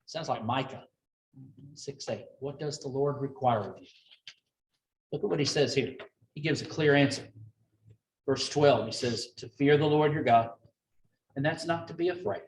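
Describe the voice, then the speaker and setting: A man leading a Bible study, folksy and conversational, acting out scripture with lively quoted voices. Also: mid-range voice, moderate pace, pauses often, a little hiss or hum. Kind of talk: informal Bible study teaching. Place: church room with a group. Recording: echoey room, mic at a distance.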